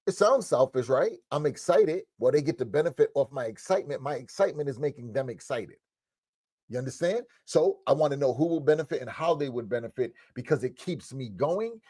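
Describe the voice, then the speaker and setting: A man's voice: fairly high pitch, a little mellow, dry recording. A man in his thirties giving a motivational lesson to young people, talking straight at them with street slang and tacking on "right?" again and again. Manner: repetitive, asks "right?" often; street slang, direct address. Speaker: coach.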